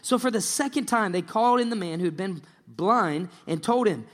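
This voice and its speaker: A pastor preaching a sermon, telling a story in a lively way and acting out the people in it. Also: male voice, high voice, a little fast. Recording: long church-hall reverb.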